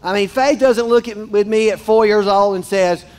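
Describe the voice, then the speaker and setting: A man's voice: sits high, moderate pace, few pauses, darkish tone. A man, preaching a casual, joking sermon straight to his congregation in a church. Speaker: pastor. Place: church sanctuary.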